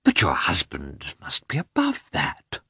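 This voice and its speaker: A man's voice: low voice, wildly swooping pitch, unhurried, bright, forceful tone, slightly rough, dry recording, clean studio sound, full character voice. A man putting on an ironic, airy society princess. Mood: affable, ironic.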